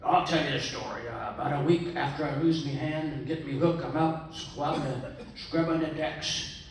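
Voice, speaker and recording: A man voicing a boastful old one-legged pirate who tells a tall tale in gruff pirate talk, heard in an echoey room from far off. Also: on the high side, normal speed, pitched above the performer's own voice, lightly acted. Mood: spinning yarns.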